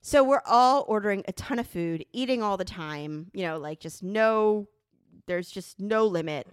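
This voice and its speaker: A middle-aged woman on a podcast, telling a funny story in an animated, casual way and swearing freely. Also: medium pitch, normal speed, clear, resonant tone, no room sound, clean studio sound. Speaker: podcast co-host.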